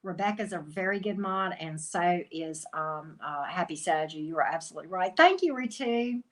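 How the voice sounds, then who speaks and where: A chatty tarot reader who hosts her own channel greets viewers in a casual livestream chat. She speaks at normal speed in a lowish voice with lively intonation.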